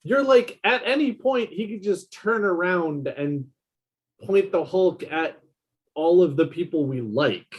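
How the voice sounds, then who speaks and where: Husky, slow, animated male podcaster. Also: sits high. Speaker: podcast co-host. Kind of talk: casual chat.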